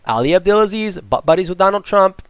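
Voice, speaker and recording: Young male fight vlogger, slightly high voice, profane rambling rant, dry close sound. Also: lively intonation, fast, smooth, no echo. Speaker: MMA commentator. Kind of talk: ranting casual commentary.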